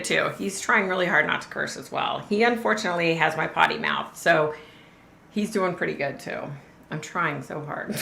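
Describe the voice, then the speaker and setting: A woman's voice: lowish voice, creaky, bright, forceful tone, reverberant. A middle-aged woman hosting a livestream, chatting casually and cursing now and then. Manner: chatty, swears freely, drawls "y'all". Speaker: host of a livestream.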